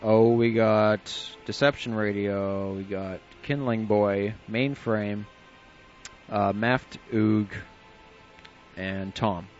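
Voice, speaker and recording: Joking internet radio host, lo-fi sound. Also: male voice, fairly low pitch, fairly even intonation, slow. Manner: loose and jokey, laughs often, swears casually. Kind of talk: casual chat. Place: small room at home with the window shut. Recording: dull lo-fi sound, faint music.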